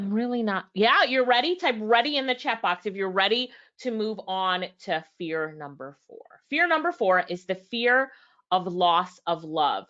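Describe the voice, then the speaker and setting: A woman's voice: medium pitch, animated, normal speed, bright, forceful tone, dull audio. A woman reviewing a book live, reading passages aloud and talking straight to her viewers, acting out both sides of past conversations. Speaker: book reviewer and business owner.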